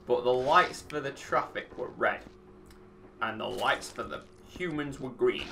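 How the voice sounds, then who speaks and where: A man's voice: mid-range voice, a little slow, gravelly, sharp tone, slight background noise. A young Englishman, telling a story over gameplay, laughing often. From England. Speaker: gaming podcast co-host. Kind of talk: casual banter over gameplay.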